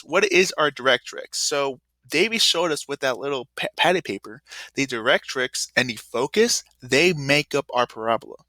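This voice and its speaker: A male math teacher walks through a video lesson in a loose, rambling way, using a bright, lively voice. The sound is dry and close to the mic. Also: medium pitch, no echo. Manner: casual, rambling, with fillers.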